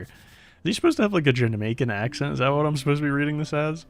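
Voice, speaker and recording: A man's voice: fairly high pitch, lively intonation, slight background noise. Joking man commentating a game. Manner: quick, joking reactions to the game, laughs and swears. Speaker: streamer. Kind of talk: gameplay commentary.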